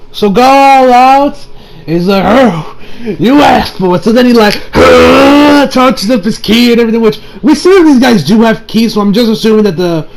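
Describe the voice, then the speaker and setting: A man's voice: high voice, poor audio. A young man giving a casual, rambling anime episode review, with profanity and many restarts.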